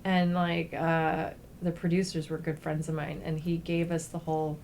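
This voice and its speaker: Lively woman chatting, faint background noise. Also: low-pitched, normal speed. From New York. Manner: lively, swears casually, acts out quotes. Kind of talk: casual podcast chat.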